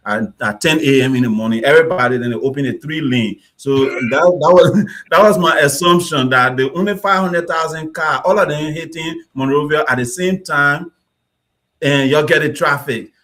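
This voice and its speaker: A talk host who pushes back hard and reasons through figures out loud. His voice sits a little high for a man. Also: moderate pace. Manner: argumentative, works through figures aloud. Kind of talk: live online discussion.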